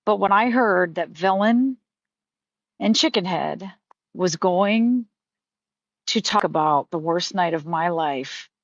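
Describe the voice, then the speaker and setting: A woman's voice: lowish voice, lively intonation, takes it slowly, long pauses, no room sound, muffled recording. A middle-aged woman hosting a live stream, talking candidly in a rambling way, with frequent swearing and restarts. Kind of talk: casual live-stream chat.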